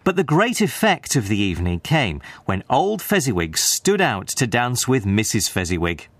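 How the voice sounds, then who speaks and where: A man giving an expressive, scripted narration of a classic story. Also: mid-range voice, moderate pace, no room sound.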